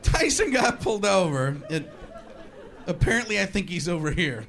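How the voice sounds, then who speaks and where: A man's voice: high voice, sing-song, normal speed, gravelly. Rambling male stand-up comedian. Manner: rambling, self-mocking. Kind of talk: stand-up set. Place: comedy club stage. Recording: live club, loud crowd and noise.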